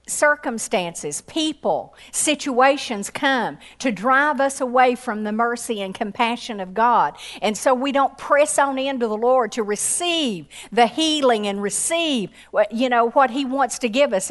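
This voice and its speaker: A woman preaching a sermon with passion, acting out quoted voices and rising to high exclamations. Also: lively intonation, normal speed. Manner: acts out quoted voices in her storytelling.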